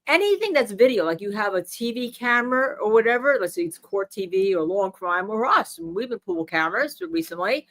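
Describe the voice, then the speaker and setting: A woman's voice: medium pitch, a little fast, few pauses. A woman lawyer co-hosting a live legal show, explaining court procedure in an instructive, coaching way. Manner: animated, instructive, coaching her co-host. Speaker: co-host and lawyer. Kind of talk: live legal analysis chat.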